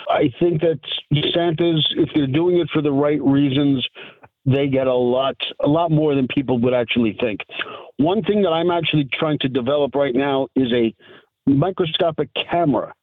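A man's voice: a little high, moderate pace, no echo. Middle-aged man, chatty guest storyteller, dry tinny phone-line sound. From New York. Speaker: guest, part-time Santa and lawyer.

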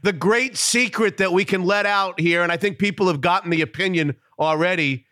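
A man's voice: sits high, brisk, sharp tone, dry recording. A man hosting a radio show and interviewing a guest in a friendly, encouraging way.

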